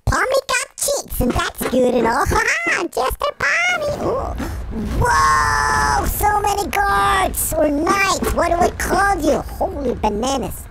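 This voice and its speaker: A performer voicing an excitable male cartoon chipmunk gamer through a sped-up high voice filter, giving squealing game commentary. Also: slow pace, gravelly, heavy background noise, heavily acted. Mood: excited. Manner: squealing, giggly, exclaims constantly. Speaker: let's play commentator. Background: game music.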